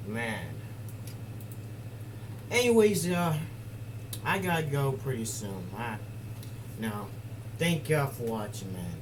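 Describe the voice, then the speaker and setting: Male streamer, casual and excitable, slow delivery, noisy hiss behind. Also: mid-range voice, distant mic. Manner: loose, slangy and excitable, laughs a lot. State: out of breath. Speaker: streamer reacting to a video. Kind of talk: casual live-stream chat.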